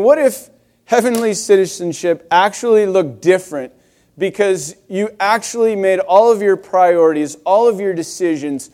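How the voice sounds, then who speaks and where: A man's voice: high voice, dark tone. A young adult man preaching a sermon in a conversational, wry storytelling way, with frequent restarts. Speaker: pastor.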